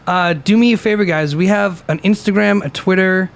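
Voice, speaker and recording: A man's voice: high-pitched, normal speed, vocal fry. A man co-hosting a casual podcast, upbeat and joking, greeting viewers in the chat. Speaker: podcast co-host.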